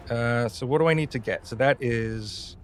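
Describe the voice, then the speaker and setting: A man's voice: mid-range voice, moderate pace, faint music behind. A man player in a tabletop game, easygoing and joking as he takes his turn. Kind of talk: casual tabletop play.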